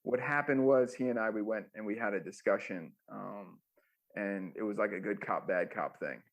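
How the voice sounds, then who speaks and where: A man's voice: lowish voice, normal speed. A man, a former music manager, telling rambling stories with many fillers in a casual interview.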